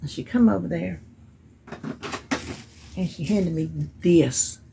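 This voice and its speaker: Slow and creaky, a woman's lowish, dark voice carries a slight hiss or hum in the background. The vlogger is at home doing a casual haul chat about items she bought and received in the mail, chatty and storytelling, with Southern-style grammar.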